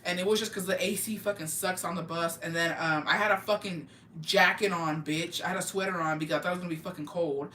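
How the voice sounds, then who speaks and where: A woman's voice: fairly low pitch, fairly even intonation, quick pace, bright, forceful tone, slight background noise. A woman telling a casual storytime vlog, blunt and heavy on swearing, dropping Spanish words into her talk. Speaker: vlogger. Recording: echoey room, mic at a distance.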